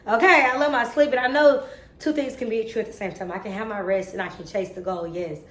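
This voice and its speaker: A woman's voice: mid-range voice, animated, fairly quick, reverberant. Earnest, tearful young woman vlogging. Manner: earnest, self-motivating, preachy, casual slang. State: tearful, emotional. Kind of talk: emotional faith-talk vlog.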